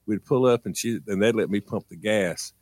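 A man who is a regular on a morning radio show, telling childhood stories in a rambling, animated way. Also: fairly low pitch, moderate pace, no echo. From rural United States. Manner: animated, rambling anecdotes with self-corrections. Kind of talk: casual storytelling on morning radio.

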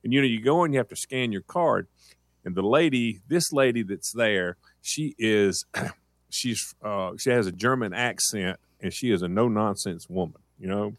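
A man's voice: on the low side, moderate pace, dry recording, studio quality. A man co-hosting a morning radio show, telling a story and acting out the people in it. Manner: animated storyteller who acts out voices.

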